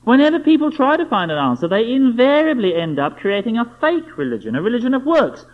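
A man's voice: very high-pitched, big pitch swings, brisk, hardly any pauses. A man preaching a sermon, emphatic and full of rhetorical questions aimed at the listener. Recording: dull lo-fi recording.

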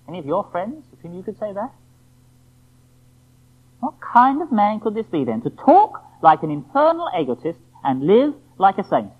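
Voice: medium pitch, big pitch swings, normal speed. Preacher giving a sermon, emphatic, keeps asking the crowd questions, tinny lo-fi tape sound. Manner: rhetorical, emphatic, full of questions to the listeners. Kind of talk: evening sermon.

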